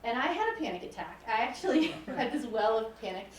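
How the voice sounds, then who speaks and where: A woman's voice: a little high, big pitch swings, fairly quick, slight background noise. A woman in her forties, a music professor, giving a candid, personal public lecture. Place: lecture hall. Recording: roomy hall, mic from a distance.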